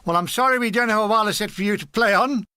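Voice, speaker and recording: Man as pompous old major, high-pitched bluster, dry close read. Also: very fast, sharp tone, clean tone, no echo. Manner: sputtering, repeats words.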